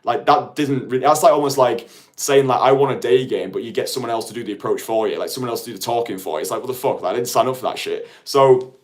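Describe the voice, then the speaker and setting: A man's voice: mid-range voice, fast talker. A man in his late twenties, a dating coach talking casually to viewers in a rambling way full of "like". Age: late 20s. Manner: chatty, rambling, heavy use of "like".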